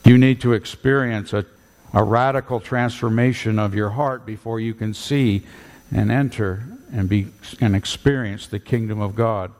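A male pastor preaching a sermon with emphatic, animated delivery in a church. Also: lowish voice, normal speed. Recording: long hall reverb.

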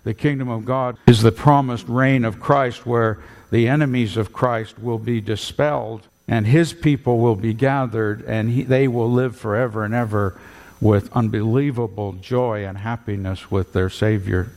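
A male pastor preaching a sermon with emphatic, animated delivery in a church. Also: medium pitch, moderate pace. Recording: long hall reverb.

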